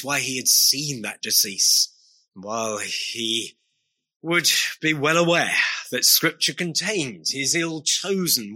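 A man preaching a sermon to his congregation, earnest and emphatic, leaning on slow, stressed phrases. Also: medium pitch, sharp tone.

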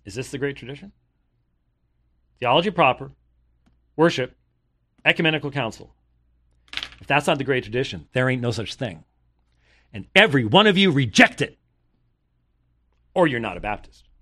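A man's voice: mid-range voice, animated, moderate pace, long pauses, fairly bright tone. An older man preaching, reading long quoted passages and breaking off with pointed rhetorical questions and sarcastic asides. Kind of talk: sermon reading aloud from historical sources.

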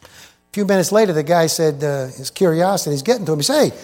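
A man with a notably high voice preaches a rambling, folksy sermon, firing rhetorical questions out to his congregation. His voice rings with long reverb, as if he stands in a large church hall. He sounds like a preacher talking straight to his crowd. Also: expressive, fast, a little mellow, soft background music.

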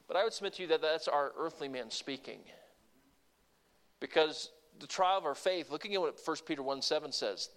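Lively preaching man, slightly high voice. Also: fast talker. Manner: conversational preaching, asks the congregation questions; varies loudness and pace for emphasis. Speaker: pastor. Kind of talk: sermon.

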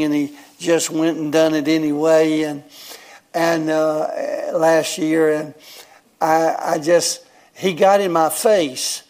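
A man's voice: fairly high pitch, a little mellow. A man, telling a personal story in a folksy, rambling sermon and chuckling often. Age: 70s. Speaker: guest preacher.

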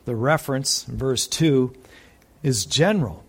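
Male preacher, mid-pitched, slow and deliberate, leans on pauses while reading scripture. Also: lively intonation, gravelly, husky. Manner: reads scripture aloud with emphatic pauses. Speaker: pastor. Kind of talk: sermon.

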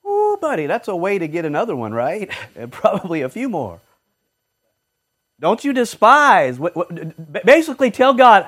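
A man preaching a sermon, fervent, swinging from loud exhortation to low murmurs and acting out short quoted voices. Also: wildly swooping pitch, moderate pace.

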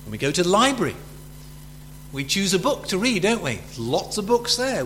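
A man's voice: sits high, big pitch swings, moderate pace, fairly bright tone, a little hiss or hum. A man preaching a sermon in a chatty way, full of rhetorical questions to his listeners.

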